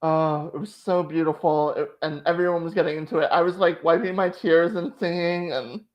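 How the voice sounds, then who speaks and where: A woman's voice: lowish voice, fairly even intonation, fairly quick, highs cut off. A woman hosting a channel, chatting casually and emotionally, full of "like" fillers. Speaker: channel host. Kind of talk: casual chat recap.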